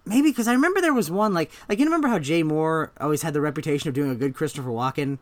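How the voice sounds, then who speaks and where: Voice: mid-range voice, expressive, very fast. A podcast co-host chatting casually, rambling and laughing while reviewing a sketch. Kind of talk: casual comedy review chat.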